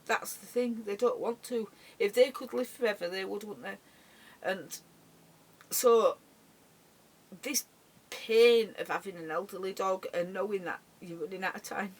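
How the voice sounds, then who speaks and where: A middle-aged woman speaking in an emotional personal vlog monologue, halting and often repeating her words. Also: mid-range voice. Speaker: vlogger.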